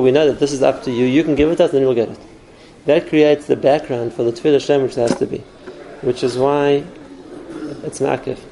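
A man's voice: mid-range voice, vocal fry, warm tone, slight background noise, poor audio. A man giving an earnest spoken Torah class, explaining step by step with numbered points. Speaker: Torah teacher.

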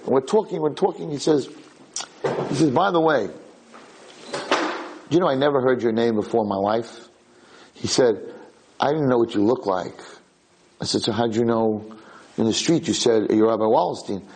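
A middle-aged American man, a rabbi, giving an animated storytelling lecture and acting out the people in his story. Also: mid-range voice, moderate pace, pauses often, a little hiss or hum, poor audio.

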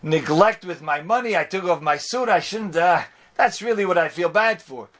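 A man's voice: high-pitched, lively intonation, moderate pace, a bit bright, a little hiss or hum. A man doing an anxious, pleading traveling fundraiser. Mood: distressed. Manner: pleading, self-reproaching.

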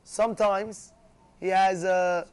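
A man teaching a religious class, animated, often acting out quarrels and asking if listeners follow. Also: sits high, slow, clean tone. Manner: animated, acts out shouting voices, asks "you know?" often. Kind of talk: Torah class sermon.

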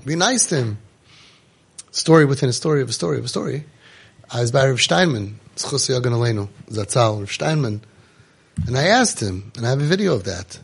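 A man's voice: fairly high pitch, expressive, brisk, vocal fry, breathy edge. A man, giving a storytelling Torah class full of Yiddish and Hebrew words and rhetorical questions. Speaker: rabbi giving a Torah talk.

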